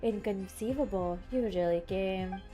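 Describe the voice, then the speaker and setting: A woman voicing an ancient cosmic watcher, reading game lines in a grand, slow, formal manner. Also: mid-range voice, dark tone, soft background music, close to an everyday voice. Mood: solemn. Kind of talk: reading game dialogue aloud.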